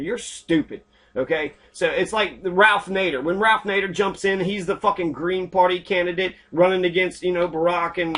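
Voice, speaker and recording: A man hosting an online show, delivering an angry, profane political rant full of swearing. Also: high-pitched. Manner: angry, heavy swearing, ranting. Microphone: computer mic while scrolling screen.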